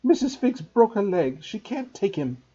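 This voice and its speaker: A man voicing a shrill, sharp-tongued, fussy aunt in a read-aloud storybook. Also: very animated, normal speed, slightly rough, lo-fi sound, heavily acted. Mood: snappish. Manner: high, shrill, snapping.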